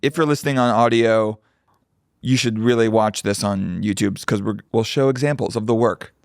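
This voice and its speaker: In casual podcast chat, a man with a fairly low pitch co-hosts at a moderate pace, swearing and mimicking people he overheard as he tells stories with lots of energy. It's studio quality with no echo.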